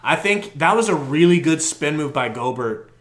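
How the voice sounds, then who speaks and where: A young man doing live fan play-by-play on a podcast stream, muttering then shouting as plays unfold, on a poor microphone. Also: a little high, moderate pace, reverberant. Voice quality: profane, partisan fan commentary. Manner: excitable, swings from muttering to shouting. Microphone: poor quality microphone.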